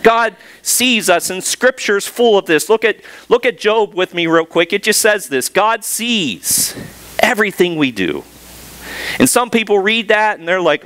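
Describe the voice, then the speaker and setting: A middle-aged man preaching a sermon in a smooth, clear voice that sits high for a man. He tells a childhood story, slows down hard on the key phrases and keeps asking the congregation rhetorical questions. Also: animated, fairly bright tone. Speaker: pastor.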